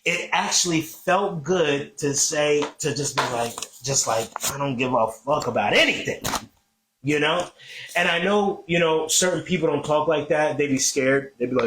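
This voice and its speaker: A man hosting a casual comedic podcast, telling a story with loud rants and low mutters. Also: lively intonation, normal speed, roomy sound, background noise. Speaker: podcast host.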